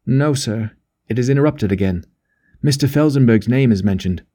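A man's voice: medium pitch, normal speed, mellow, natural voice. A man playing a nervous, deferential middle-aged secretary.

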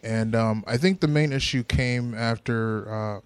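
A young man from Buffalo, New York, co-hosts a podcast and tells a dating story in casual chat, rambling and hesitant with lots of fillers. His mid-range voice is smooth and unhurried, recorded with no room sound.

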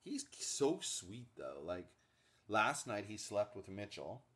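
A man co-hosting a podcast in casual chat, telling animated stories about his pets. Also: fairly low pitch, slow pace. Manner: animated storyteller, acts out pets' thoughts in silly voices. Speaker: podcast co-host.

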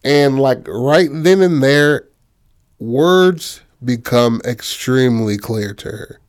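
Guy pitching a movie story, swears a lot, tons of like and you know, middle pitch. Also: expressive, takes it slowly, clear, resonant tone. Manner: loose and profane, full of fillers, briefly acts out characters. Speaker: storyteller pitching a film idea. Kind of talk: casual storytelling chat.

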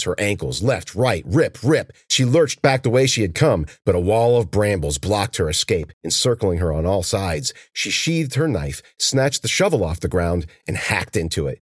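Husky, low-pitched male audiobook narrator. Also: no echo, studio quality. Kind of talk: scripted narration.

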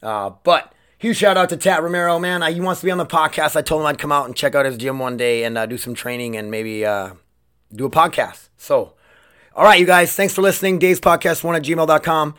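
A man's voice: on the high side, brisk, a bit bright, clear, resonant tone. Rambling young man hosting a podcast. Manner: rambling, restarts sentences, swears freely. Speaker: podcast host. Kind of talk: casual solo podcast monologue.

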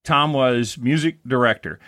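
A man's voice: mid-range voice, measured pace, a bit bright, no room sound, clean studio sound. A man hosting a casual interview, asking eager, curious questions. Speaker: podcast host, interviewer.

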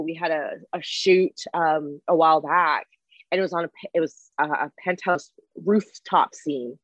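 An animated young woman who works as film crew and an actress shares stories from film sets as a guest in a casual interview, laughing often and swearing freely. Her fairly low voice sounds dry and a little dull, as if recorded close on a modest mic.

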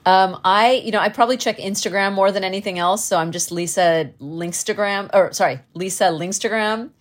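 A woman's voice: medium pitch, fairly quick. A woman guest on a podcast, talking enthusiastically with many fillers. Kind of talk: casual chat.

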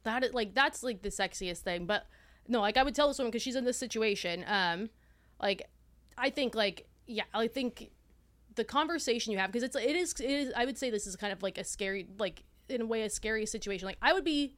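Young woman from texas, podcast co-host, casual chat, halting, lots of "like", swears freely. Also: a little high, expressive, fairly bright tone. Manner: chatty, hesitant, heavy use of "like", swears freely.

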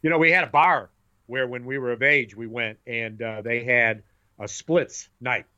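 A man's voice: mid-range voice, steady tone, moderate pace, sharp tone, smooth, muffled recording. A middle-aged man in casual chat, telling rambling stories and repeating his words as he goes.

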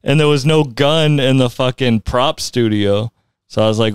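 Joking man with a smooth voice. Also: mid-range voice, normal speed, dry recording, clean studio sound. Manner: laughs often, joking and crude. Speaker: podcast host. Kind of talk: casual interview chat. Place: house, indoors.

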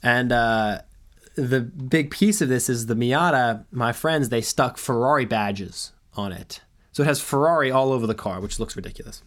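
A man's voice: medium pitch, normal speed. A young man casually telling a long story, acting out quoted dialogue along the way. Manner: animated anecdote with quoted dialogue.

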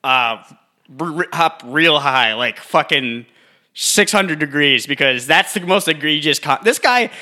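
A man's voice: a little high, animated, unhurried, sharp tone. A man co-hosting a casual podcast, joking in a laid-back way and stumbling over his words. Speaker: podcast co-host.

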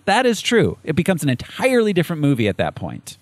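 A man co-hosting a laid-back movie chat, talking in loose, rambling runs full of fillers and little laughs. His pitch moves around a lot as he goes, and the recording is dry and close. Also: huge pitch swings, quick pace, dry recording. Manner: rambling, many fillers and restarts, laughs often. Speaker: podcast co-host. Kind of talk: casual movie review chat.

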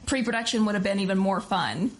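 A woman's voice: mid-range voice, quick pace, slight background noise. A woman interviewing a guest in a casual chat, asking curious questions and giving short encouraging replies.

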